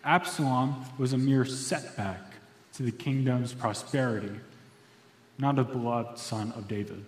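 A man's voice: medium pitch, a little slow. A man preaching a sermon as pastor, in an earnest, reflective storytelling manner. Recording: echoey hall reverb.

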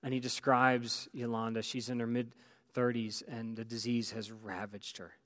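Pastor telling a story, flat tone. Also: male voice, medium pitch, moderate pace. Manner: storytelling, with restarts and drops to near-quiet. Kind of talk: sermon.

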